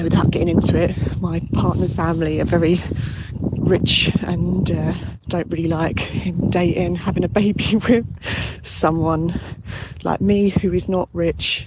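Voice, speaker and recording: A woman's voice: fairly low pitch, background noise. A woman with a London accent leaving a chatty, rambling phone voice note outdoors in a park. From England. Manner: chatty, warm, sweary, rambling.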